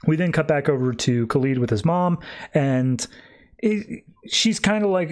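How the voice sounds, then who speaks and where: A man's voice: on the high side, animated, unhurried, a little mellow. A man hosting a podcast, recapping a comic in an offhand, wry way with casual swearing. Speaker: podcast host.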